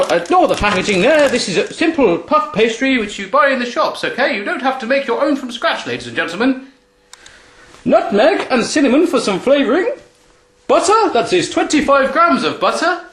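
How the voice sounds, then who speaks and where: A man's voice: very high-pitched, a bit bright, roomy sound, slight background noise, heavily acted. A man playing his jolly great-great-granddad with a put-on English accent that keeps slipping into Australian, presenting like a documentary host. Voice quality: hammy and chipper, documentary-presenter manner. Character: jolly old-timey male ancestor, great-great-granddad. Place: home kitchen.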